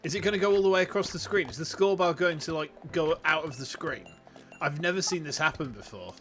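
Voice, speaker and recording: A chatty man with a Yorkshire accent, talking through a game on a livestream with a slightly raised pitch. He gets excitable and swears freely as he greets his chat. Faint music plays underneath. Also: brisk. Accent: Yorkshire English. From Yorkshire, England. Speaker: streamer. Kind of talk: casual gaming livestream commentary. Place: warm room at home with fans running.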